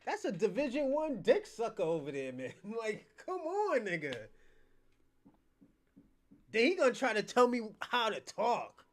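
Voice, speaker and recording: A man's voice: extremely high pitch, huge pitch swings, unhurried. A man hosting his own channel, ranting at his chat in a profane, combative, mocking way. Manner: mocking, laughs between jabs. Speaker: channel host. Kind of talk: livestream rant.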